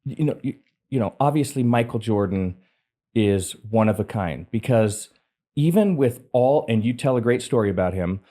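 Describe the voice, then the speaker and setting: A young adult man hosting a podcast interview, asking earnest, somewhat halting questions. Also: medium pitch, expressive, warm tone. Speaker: podcast host. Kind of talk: interview conversation.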